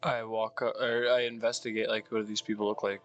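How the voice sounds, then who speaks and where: A man's voice: fairly low pitch, level tone, brisk, lo-fi sound, soft background music. A man playing a tabletop game, casually describing his character's actions in first person. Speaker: player.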